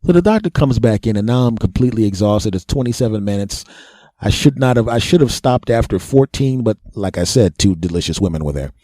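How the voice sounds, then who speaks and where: A middle-aged male podcast host spins a boastful, self-mocking comic tale. His voice is mellow and warm, recorded close and dry. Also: lowish voice, animated, brisk, no echo. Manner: self-mocking, boastful, laughs at own jokes. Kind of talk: comic storytelling monologue.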